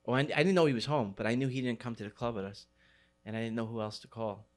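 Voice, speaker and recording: A man's voice: mid-range voice, fairly even intonation, fast talker. A middle-aged man from New City, telling his story in an interview with street slang and many fillers. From New York City. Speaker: graffiti writer.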